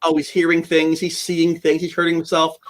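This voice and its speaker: A man's voice: monotone, moderate pace. A man as a podcast guest, earnestly retelling a frightening personal story and acting out his own panicked words. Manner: earnest, emotional, acts out quotes with sudden high shouts.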